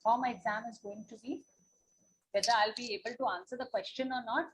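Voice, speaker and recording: Fairly quick and fairly even in intonation, a slightly high female voice comes through poor audio. She has an Indian English accent and teaches an online class with patience, going over points again and checking in with "okay?" and "na?"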